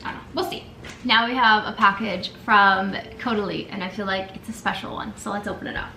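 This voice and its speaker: A woman's voice: mid-range voice, fairly even intonation, fairly quick, noisy background. A young woman vlogger chatting casually while unboxing gifts, gushing and emotional, with lots of fillers and a tearful edge. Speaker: lifestyle vlogger. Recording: echoey room with faint ambience.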